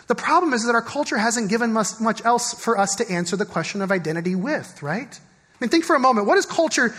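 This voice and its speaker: A pastor gives a sermon in a church sanctuary in a chatty style, frequently asking the congregation questions and repeating words. He has a high voice with a fairly bright tone, and the sound has a big-room quality.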